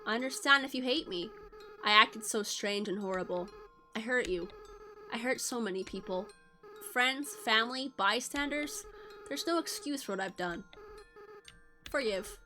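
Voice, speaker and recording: A woman reading the lines of a young goat-monster boy in a game, soft and halting, remorseful and tender. She sounds close to her everyday voice. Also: fairly high pitch, animated, soft background music. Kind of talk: reading game dialogue aloud.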